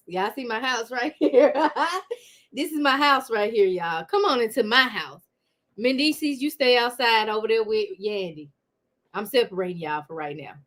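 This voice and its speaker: A woman hosting a live reaction commentary from her home, laughing loudly and talking straight to her viewers. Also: on the high side. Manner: loud laughing, animated, talks to viewers. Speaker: commentary host.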